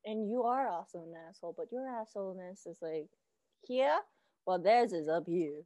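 A woman's voice: fairly low pitch, lively intonation, moderate pace, darkish tone, dry recording. A young woman co-hosting a casual podcast, joking and laughing a lot as she talks. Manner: joking, chaotic, frequent laughter. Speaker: podcast co-host. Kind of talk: casual chat.

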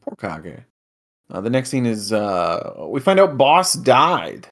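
Guy co-hosting a chat show, excitable and jokey, swears now and then, recapping episodes. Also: mid-range voice, slow. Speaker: podcast co-host. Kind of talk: casual chat recapping an anime.

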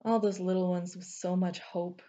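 A woman narrating a fantasy novel with expressive storytelling. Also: on the low side, moderate pace. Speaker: audiobook narrator. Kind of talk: fiction narration.

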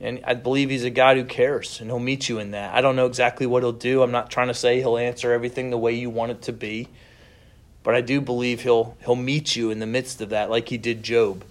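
A middle-aged man preaching a sermon as pastor, earnest and conversational, with gentle laughs between thoughts. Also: mid-range voice, little pitch movement, brisk.

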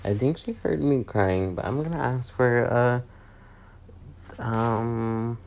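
A woman's voice: a bass voice, takes it slowly, warm tone, smooth. A young woman rambling through a casual confessional vlog, swearing often and mocking herself. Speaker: vlogger.

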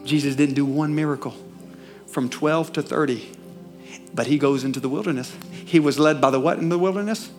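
A man preaching a sermon in a church with a Southern US accent, animated, questioning the congregation and swinging between loud and hushed. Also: on the high side, a little fast, faint music behind. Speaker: pastor.

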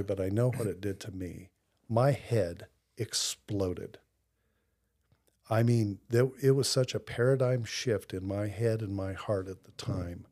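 Male podcast guest, husky and mellow, reflective storyteller. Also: fairly low pitch. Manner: earnest, reflective storyteller with slow pauses. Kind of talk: personal faith testimony in conversation.

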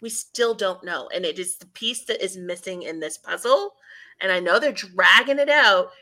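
A woman's voice: mid-range voice, expressive, normal speed, bright, forceful tone. A woman co-hosting a casual podcast, analysing characters with emphasis. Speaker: podcast co-host. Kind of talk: casual chat about a TV series.

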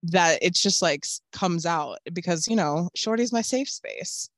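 A woman co-hosting a podcast in casual chat, candid and quick to swear and laugh. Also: lowish voice, lively intonation, dry recording, clean studio sound. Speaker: podcast co-host.

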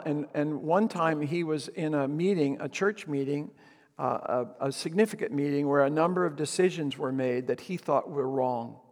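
A man's voice: fairly high pitch, a little mellow, long reverb tail. A man preaching a sermon as pastor, telling a story with frequent ums and restarts.

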